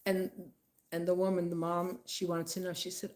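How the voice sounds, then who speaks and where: A woman telling family gossip in a casual vlog, chatty and laughing, acting out what others said in lively voices. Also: fairly low pitch, brisk. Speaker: vlogger. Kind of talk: casual storytelling monologue.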